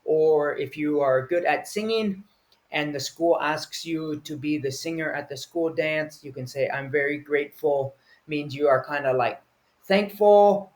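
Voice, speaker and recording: A man teaching English vocabulary, explaining each word patiently and acting out short example feelings. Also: a little high.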